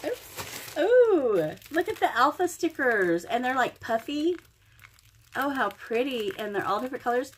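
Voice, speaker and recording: Gushing, excitable middle-aged woman unboxing crafts. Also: high-pitched, measured pace, slight background noise. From Oklahoma, USA. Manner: gushing, effusive, exclaims often. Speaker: crafting vlogger. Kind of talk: happy mail unboxing vlog.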